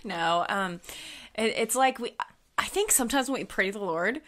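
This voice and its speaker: A woman's voice: mid-range voice, animated, normal speed, a bit bright. A young woman co-hosting a casual faith podcast, teasing with dry humor. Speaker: podcast co-host.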